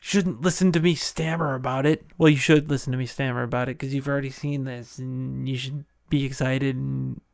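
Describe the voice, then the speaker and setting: A man's voice: mid-range voice, steady tone, fairly quick, creaky, few pauses, no room sound, clean studio sound. A man hosting a podcast, retelling a film in a casual, joking, enthusiastic way. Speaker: podcast host.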